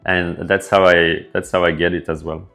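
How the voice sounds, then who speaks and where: A man with a French accent, hosting a casual developer livestream and answering viewer questions in a relaxed way with lots of fillers. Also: deep voice, normal speed, gravelly. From France. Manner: relaxed, filler-heavy, thinking aloud. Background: faint background music.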